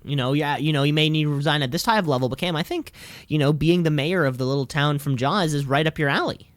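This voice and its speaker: A man's voice: on the high side, quick pace, no room sound. A man co-hosting a casual comedy podcast, teasing his co-host in mock-serious banter.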